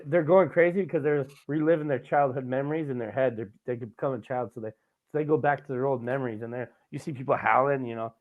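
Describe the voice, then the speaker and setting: A young adult man hosting a podcast, telling rambling, profane stories in casual chat and laughing at his own tales. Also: mid-range voice. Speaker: podcast host. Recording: tinny phone-like sound.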